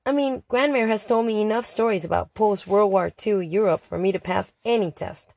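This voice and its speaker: A woman's voice: mid-range voice, normal speed, gravelly, darkish tone, dry recording. A woman reading a first-person diary as an audiobook, chatty, dramatic and exasperated. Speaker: audiobook narrator.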